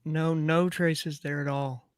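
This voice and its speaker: Playful male host, slightly high voice. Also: steady tone, slow, smooth, no room sound. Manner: casual, playful, stumbling restarts. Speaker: show host. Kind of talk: live show chat.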